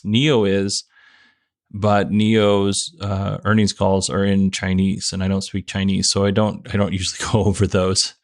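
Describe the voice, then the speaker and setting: Male podcast host, low and gravelly, prone to giggles, casual solo talk. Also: dry recording, clean studio sound. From United States. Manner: giggly, breaking into laughter.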